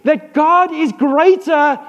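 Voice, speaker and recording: High-voiced pastor preaching in an echoing hall. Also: male voice, slow pace, dull audio. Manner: animated, joking asides, calls for amens. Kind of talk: sermon.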